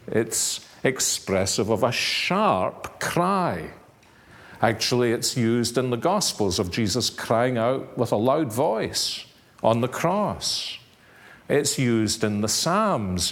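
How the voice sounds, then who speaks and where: A man preaching a sermon in a measured, earnest way, now and then rising to sudden emphatic stress. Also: fairly low pitch.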